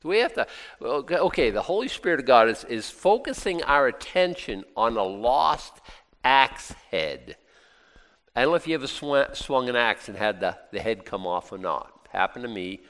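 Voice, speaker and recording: A man's voice: mid-range voice, big pitch swings, moderate pace, a bit bright. A man preaching a conversational sermon in a folksy, rambling way, full of asides and restarts. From United States. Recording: long reverb of a hall.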